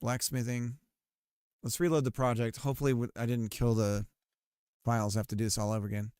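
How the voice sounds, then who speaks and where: A man streaming while he works on a game, chatting casually, rambling with fillers and cursing at his software. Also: medium pitch, flat delivery, fairly quick, smooth, no room sound, studio quality. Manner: rambling and self-deprecating, swears often, many fillers. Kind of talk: casual live-stream chat while working.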